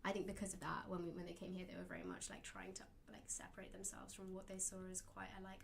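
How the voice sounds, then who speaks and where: A woman's voice: mid-range voice, fast, gravelly, slight background noise. A young woman of the Indian diaspora, a guest talking in a chatty way with many fillers. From British Indian diaspora. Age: young adult. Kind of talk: conversational interview.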